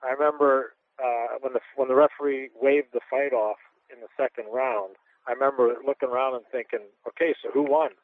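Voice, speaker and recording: A man's voice: medium pitch, steady tone, brisk. A man who is a retired pro boxer, telling candid anecdotes in an interview, rambling with restarts and chuckles. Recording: tinny phone-line radio audio.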